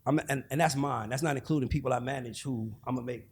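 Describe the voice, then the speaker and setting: A man in his forties with an Atlanta accent, a guest telling stories in a casual, animated, profane way. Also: mid-range voice, fast talker, slight background noise. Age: 40s. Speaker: guest, music executive. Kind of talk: casual podcast conversation.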